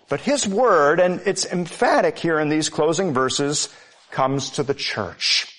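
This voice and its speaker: A man's voice: fairly high pitch, a bit bright. A male pastor preaching a sermon, reading scripture and driving points home with emphatic repetition.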